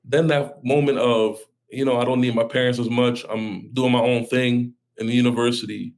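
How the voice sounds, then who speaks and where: An earnest man, a pastor, opens up in a podcast interview with a heartfelt story. His voice sits at an ordinary middle pitch, and he talks in tumbling run-on bursts, restarting his sentences as he goes. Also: level tone, moderate pace.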